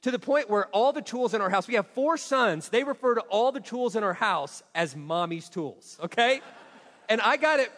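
A man's voice: high voice, a bit bright, big-room sound. A man telling a humorous, self-deprecating story to an audience. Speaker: speaker.

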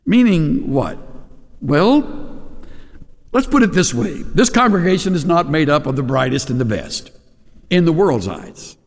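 A man preaching a sermon to his congregation, animated, acting out quoted voices with big swings in pitch. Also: a little slow, pauses often. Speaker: pastor. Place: church sanctuary. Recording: long reverb of a large hall.

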